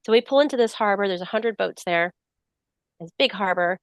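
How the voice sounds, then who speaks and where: Speaking a little fast in a mid-range voice, this middle-aged author is a guest in a casual interview, nursing a slight cold. She's a lively storyteller who performs the quoted dialogue, and there's no room sound.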